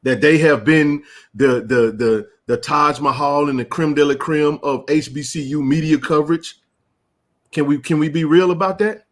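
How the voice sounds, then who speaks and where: A man hosting a live sports chat, ranting with passion and rising to shouts. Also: a little high, steady tone, moderate pace. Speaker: sports talk show host.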